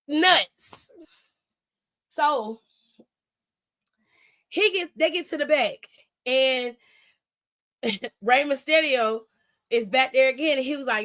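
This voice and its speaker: A woman's voice: high voice, takes it slowly, long pauses. A young adult woman hosting a casual wrestling recap, telling it in slang, acting out what people said and laughing often. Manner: animated storytelling, slangy, acts out quotes, laughs often.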